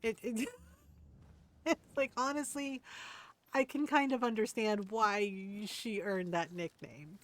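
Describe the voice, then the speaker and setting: A woman's voice: lowish voice, a bit bright. A middle-aged woman streaming a game, rambling through a casual story with lots of fillers and laughs. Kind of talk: casual chat while gaming.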